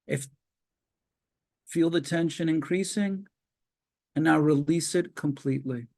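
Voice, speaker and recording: A man, a psychologist leading a webinar, calmly guides listeners through progressive muscle relaxation with slow step-by-step cues and long pauses, speaking over a video call. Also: a little high, vocal fry.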